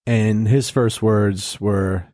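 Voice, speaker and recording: A man's voice: on the low side, drawn-out words, no echo, studio quality. A man telling a funny story as a podcast guest, laughing now and then. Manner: deadpan anecdote, laughs.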